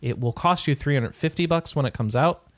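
A man hosting a casual gaming news podcast, reading news items and adding relaxed asides. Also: on the high side, a little fast, dry recording. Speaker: podcast host.

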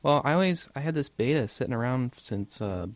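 A man's voice: mid-range voice, lively intonation, fairly quick, slight background noise. A man hosting a casual gaming podcast, laughing often and rambling loosely. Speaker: podcast host.

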